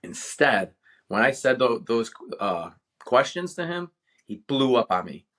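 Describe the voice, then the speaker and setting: A man's voice: mid-range voice, big pitch swings, unhurried, fairly bright tone. A man from Cleveland, a retired veteran, telling a personal story as a podcast guest with passion and animation. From Cleveland, Ohio, USA. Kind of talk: casual interview storytelling.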